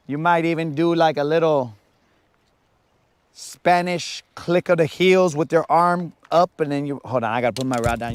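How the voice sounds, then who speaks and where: A man with a fairly high-pitched voice hosts a fishing livestream from a lake, chatting casually and teasing viewers in playful slang as he fishes. The recording is dry.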